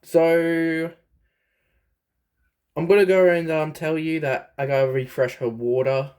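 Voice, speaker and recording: A man's voice: fairly high pitch, fairly even intonation, takes it slowly, a little mellow. A young Australian man showing his pet snake in a casual vlog, chatty and rambling, talking to his pets. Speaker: pet vlogger.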